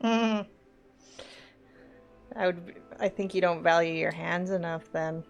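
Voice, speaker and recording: A woman playing a tabletop game, relaxed and laughing easily. She speaks slowly in a lowish voice, with soft music behind. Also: vocal fry, highs cut off. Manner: laid-back, laughing. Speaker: player.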